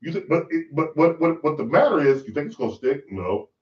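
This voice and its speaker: A man's voice: on the high side, expressive, brisk, darkish tone, faint music behind. A man hosting a podcast, delivering a profane, preachy ranting monologue. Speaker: podcast host. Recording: roomy, distant, dull lo-fi sound.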